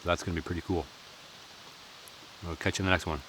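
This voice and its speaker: A man's voice: sits low, fairly even intonation, fast, a bit bright, a little hiss or hum. A man chatting casually while cooking at an outdoor forest camp, joking and laughing often.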